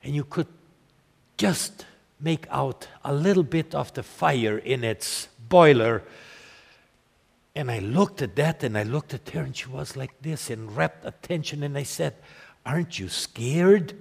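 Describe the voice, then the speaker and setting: An older man preaching a sermon, telling a family story slowly and deliberately, building to emphatic points. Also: medium pitch, vocal fry, husky. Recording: long hall reverb.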